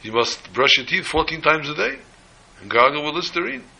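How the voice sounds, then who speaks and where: A man's voice: a little high, very animated, fast, gravelly, pushed and bright, breathy edge, pitched above the performer's own voice, heavily acted, rough recording. A man doing a fawning, nervous wolf. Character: frightened, flattering male wolf.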